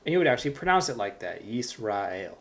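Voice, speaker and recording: A man's voice: medium pitch, sing-song, racing, creaky. A man teaching a Hebrew reading lesson, patiently explaining step by step with frequent fillers.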